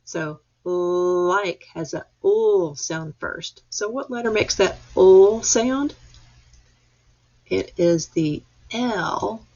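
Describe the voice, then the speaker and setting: A woman teacher speaks to young children in a slow, low, patient voice, sounding out letters and praising each answer. Her tone is husky with a gravelly edge. The audio is dull and lo-fi, like a webcam mic. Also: a little mellow. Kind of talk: reading lesson for young children. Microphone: webcam or computer mic.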